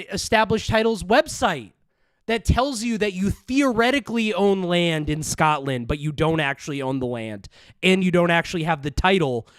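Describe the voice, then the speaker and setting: A man with a very high, lively voice rants in a heated, foul-mouthed way while reacting to a video. His sound is close and dry, with no room around it. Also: dry recording. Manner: heated, swearing, mocking. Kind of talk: profane angry rant.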